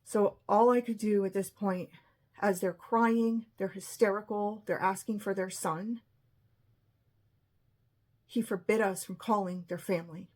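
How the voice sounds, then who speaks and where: Husky woman telling a personal story. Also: mid-range voice, fairly even intonation, measured pace, pauses often, a little mellow. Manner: emotional, quoting others in retelling.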